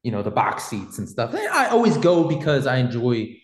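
A man's voice: medium pitch, very animated, fairly quick, roomy sound. A man hosting a podcast and telling a story in a casual, slangy, rambling way, full of fillers. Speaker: podcast host.

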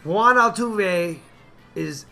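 A man's voice: high-pitched, expressive, very slow, vocal fry, pushed and bright, faint music behind, heavily acted. A man voicing a cocky Texan cowboy game show contestant in a comedy podcast bit, with a put-on drawl. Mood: boastful. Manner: brash, cocky, playful drawl.

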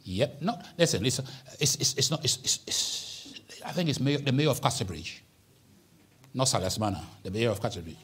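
Animated, husky-voiced preaching man. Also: normal speed. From Ghana. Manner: animated preaching, leaps from hushed asides to high emphatic peaks. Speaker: pastor. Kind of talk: sermon. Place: church.

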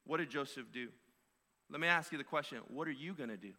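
Guy pastor preaching, kinda high and punchy voice, long echo. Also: fast talker, pushed and bright. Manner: emphatic preaching with repeated phrases. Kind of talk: sermon. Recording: long hall reverb.

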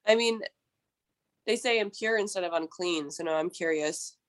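A woman's voice: fairly low pitch, moderate pace. A woman co-hosting a casual Bible study chat, chiming in with short, dry remarks. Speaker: podcast co-host.

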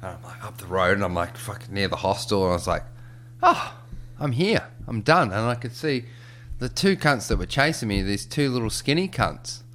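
A man in casual chat, telling a sweary, animated story and laughing as he goes. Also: lowish voice, a little fast.

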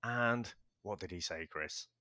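A man co-hosting a casual movie podcast, excitable and swearing, often restarting his sentences. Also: low-pitched, unhurried. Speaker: podcast co-host. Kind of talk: casual chat.

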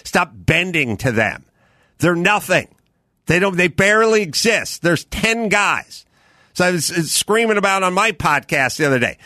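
A middle-aged man hosting a podcast, delivering a profane, emphatic rant and shouting at times. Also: sits high, very animated, moderate pace, no room sound, studio quality. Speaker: podcast host. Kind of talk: heated rant.

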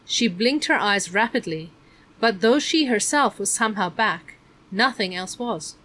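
A woman's voice: mid-range voice, lively intonation, a little slow, a bit bright, a little hiss or hum. Woman narrating a storybook. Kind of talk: audiobook narration.

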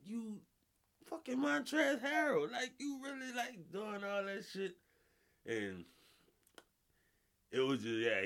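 A man co-hosting a podcast, telling a basketball story in casual, profane chat and mimicking the people in it. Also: fairly low pitch. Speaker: podcast co-host.

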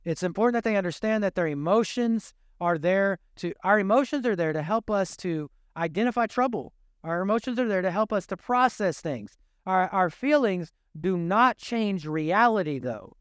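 A man's voice: high-pitched, expressive, normal speed, hardly any pauses, clean tone, no echo, studio quality. An older man giving an earnest, conversational sermon to parents, asking his listeners rhetorical questions. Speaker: pastor.

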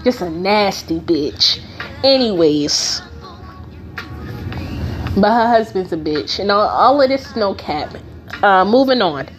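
A woman's voice: mid-range voice, expressive, takes it slowly, long pauses, faint music behind. A woman podcast host telling a personal story in a blunt, heavily profane, emphatic way.

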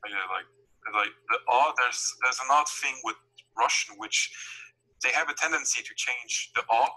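A man's voice: mid-range voice, normal speed, bright, forceful tone, low-quality recording. A young man teaching a casual online language lesson over a video call, explaining patiently with many fillers and restarts. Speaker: language tutor.

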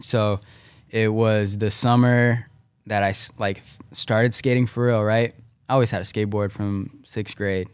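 A young man tells a skating story in a laid-back, slangy way. His voice sits on the low side, and the close mic makes it sound dry and near. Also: steady tone, a little slow, clear, resonant tone, no echo. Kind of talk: casual chat.

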